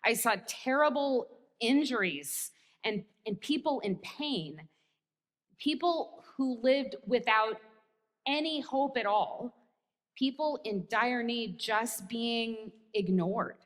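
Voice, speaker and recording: A woman's voice: a little high, lively intonation, slow. American woman pastor, sermon with wry self-mocking humor, long church-hall reverb.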